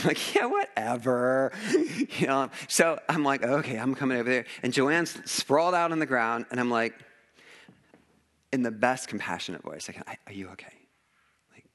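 A male pastor delivers a sermon in a church, speaking in a very expressive, swooping voice. He tells stories in an animated way, acts out each quoted line and often laughs. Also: medium pitch.

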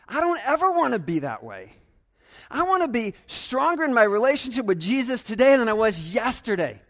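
A man's voice: extremely high pitch, sing-song, normal speed, a bit bright. A young adult male pastor preaching a sermon earnestly and emphatically, repeating phrases for stress.

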